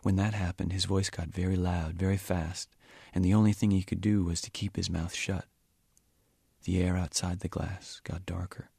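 A man reading from his novel in a measured, quiet way, at times almost whispering. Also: low-pitched, level tone, gravelly, breathy edge, dry recording, studio quality. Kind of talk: audiobook-style reading.

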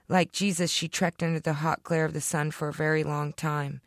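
A woman reading her own short story aloud in a deadpan storytelling manner, close to the microphone. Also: deep voice, moderate pace, no echo. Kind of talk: fiction reading.

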